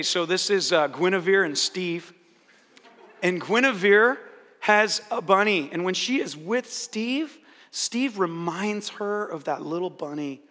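Bright-voiced male pastor preaching. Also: high voice. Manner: animated preaching, acts out quoted voices. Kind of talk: sermon. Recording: long hall reverb.

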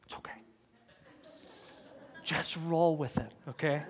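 Man, pastor, sermon, high voice, animated storytelling, long hall reverb. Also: moderate pace. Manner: animated storytelling with laughs and dramatic quotes.

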